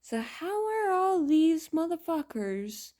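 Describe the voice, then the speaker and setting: Her pitch is extremely high, yet her voice remains mellow and darkly colored as this video reviewer vents on a relaxed vlog. Slow, blunt, and heavy on swearing, she keeps the same exasperated mood throughout.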